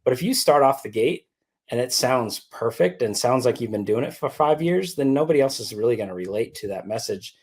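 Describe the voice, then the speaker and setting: A man's voice: medium pitch, animated, a little fast, a little mellow, breathy edge. A man guesting on an interview, explaining things in an easygoing, conversational way with frequent restarts. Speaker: podcast co-host guest. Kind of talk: casual interview chat.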